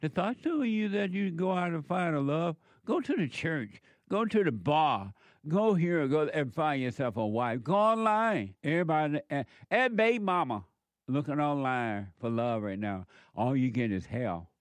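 A man's voice: on the high side, big pitch swings, moderate pace, no room sound. A man delivering a preaching monologue, emphatic and repetitive, full of rhetorical questions.

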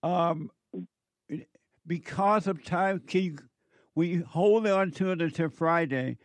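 A man's voice: on the high side, slow, dry recording. Firm, direct man hosting a call-in show. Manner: direct, gives firm step-by-step instructions. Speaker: host.

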